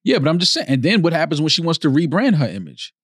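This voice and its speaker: A man's voice: a little high, sing-song, quick pace, fairly bright tone, breathy edge, dry recording, studio quality. A man co-hosting a podcast, talking in a laid-back, slangy way and often laughing. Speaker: podcast co-host. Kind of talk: casual debate chat.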